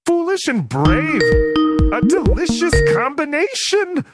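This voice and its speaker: A woman's voice: sits high, big pitch swings, slow, loud music behind the voice, full character voice. A woman voicing a grandiose demon from the abyss. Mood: taunting. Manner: grandiose, taunting. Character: ancient demonic being from the abyss.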